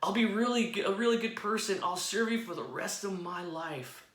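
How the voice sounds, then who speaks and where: A man voicing a panicked man clinging to a cliff branch, yelling and pleading for help in a roomy space. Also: sits high, moderate pace, pitched above the performer's own voice. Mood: frantic pleading. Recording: roomy echo.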